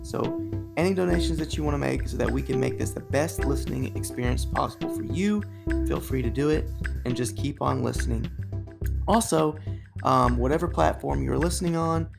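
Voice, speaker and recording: A man's voice: mid-range voice, a little fast, vocal fry. A young man co-hosting a casual podcast, upbeat and chatty, apologizing to listeners. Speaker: podcast co-host. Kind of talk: casual chat. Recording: guitar music behind.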